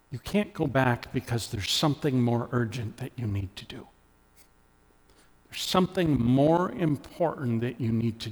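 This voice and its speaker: A middle-aged man from Canada preaching a sermon as a pastor, earnest, lifting his voice for emphasis and dropping soft when he turns personal. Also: mid-range voice, breathy edge. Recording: long hall reverb.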